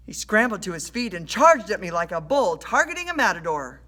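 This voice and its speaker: A woman reading a children's adventure story aloud in an animated storytelling way. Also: medium pitch, fairly quick, hardly any pauses. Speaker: storybook reader.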